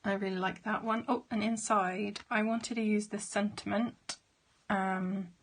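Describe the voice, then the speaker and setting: Woman, hoarse, chatty craft vlogger, even level pitch. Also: unhurried, a little hiss or hum. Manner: chatty, with fillers and trailing asides. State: losing her voice. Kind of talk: casual show-and-tell.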